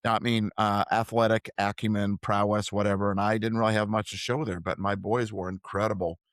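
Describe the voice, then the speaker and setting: A man's voice: on the low side, little pitch movement, fairly quick, a bit bright, no room sound, studio quality. An older man, a podcast co-host, reflecting earnestly on raising his sons in a casual chat.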